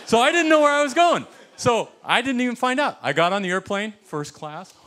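A man from the United States, a pastor telling a story in a sermon, animated and chuckling as he acts out the people in it. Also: very high-pitched, fairly quick. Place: church sanctuary.

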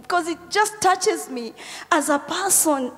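A Kenyan woman pastor preaching a Sunday sermon, tearful and emotional, swinging between loud calls and whispered prayers. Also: very high-pitched, lively intonation, a little slow. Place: church hall. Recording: long hall reverb with faint music.

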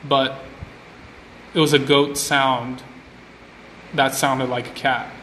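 A man's voice: medium pitch, flat delivery, slow, fairly bright tone, a little hiss or hum. A man chatting casually to viewers on a phone live stream, rambling and repeating himself with lots of filler likes. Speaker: vlogger on an Instagram live stream. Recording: roomy phone audio with a long reverb tail.

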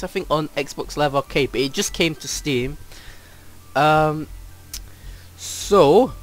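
A man giving casual let's play commentary at his computer, rambling and flustered, with lots of ums. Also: a little high. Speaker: gamer.

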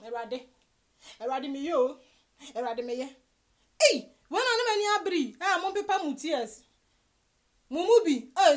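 A Ghanaian woman giving animated gossip commentary, mixing Twi and English with loud exclamations. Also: sits high.

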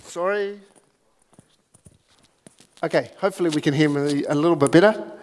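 High-voiced joking man at church. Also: moderate pace, a little mellow, in a large hall. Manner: chatty, joking, self-deprecating. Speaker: church speaker. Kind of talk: casual sermon introduction. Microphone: clip-on microphone.

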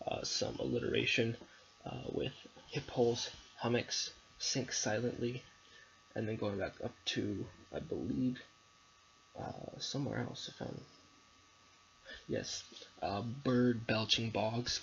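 A man's voice: mid-range voice, creaky. A young male student giving a hesitant spoken analysis of a poem, with many ums and restarts. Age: young adult. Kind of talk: recorded literary analysis presentation. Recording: dull lo-fi recording with faint background noise.

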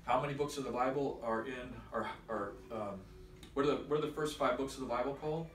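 A man's voice: mid-range voice, fast talker, soft background music. A man teaching a church confirmation class, patiently explaining and quizzing his students. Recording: echoey room from far off.

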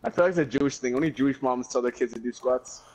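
A man's voice: medium pitch, rapid-fire, darkish tone. A young man chatting while gaming, joking and rambling with lots of laughter. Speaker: gaming friend. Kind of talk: casual gaming chat. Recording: faint background noise.

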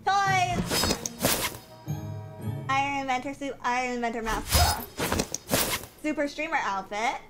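A woman's voice: high-pitched, normal speed. A woman streaming a game, chatting casually and playfully with viewers, giggling and putting on mock-dramatic whines. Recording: music playing behind the voice.

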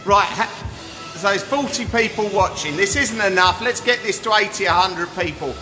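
A man hosting a hot tub giveaway livestream, hyping up his viewers with a pushy sales pitch and constantly asking "yeah?". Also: animated, normal speed. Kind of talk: live-stream sales pitch. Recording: echoey room with music behind.

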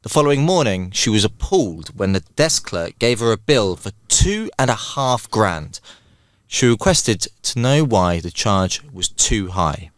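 A man as guest on a comedy podcast, reacting loudly and reading a joke aloud. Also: lowish voice, very animated, unhurried, no room sound, studio quality. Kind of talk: casual chat and joke reading.

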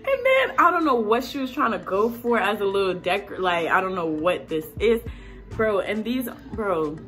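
A woman vlogger in a casual rant, animated and exasperated, talking with lots of slang. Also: mid-range voice, normal speed, soft background music.

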